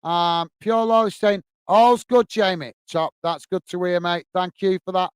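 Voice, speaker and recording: Upbeat high-voiced stream host. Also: male voice, fairly even intonation, measured pace, clear, resonant tone, no room sound. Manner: upbeat, repeats thanks and stock phrases. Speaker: host of a football fan channel. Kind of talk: live stream chat reading out viewer comments.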